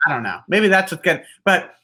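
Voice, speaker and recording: A man's voice: high voice, sing-song, brisk, bright, forceful tone. A young man hosting a casual sports talk show, rambling and hedging with lots of restarts.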